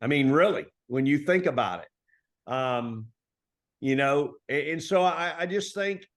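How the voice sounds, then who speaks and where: A middle-aged man from Texas, a basketball coach telling stories in a relaxed, folksy interview style full of colloquial turns. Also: fairly high pitch, a little slow. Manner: folksy, animated storytelling with Southern colloquialisms. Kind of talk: conversational storytelling interview.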